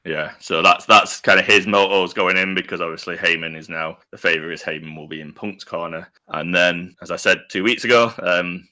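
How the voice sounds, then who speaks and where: A man's voice: low-pitched, moderate pace, hardly any pauses. A man chatting casually on a podcast, telling stories at length with a lot of restarts. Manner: rambling, animated retelling with many restarts. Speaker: podcast co-host. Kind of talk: casual wrestling podcast chat.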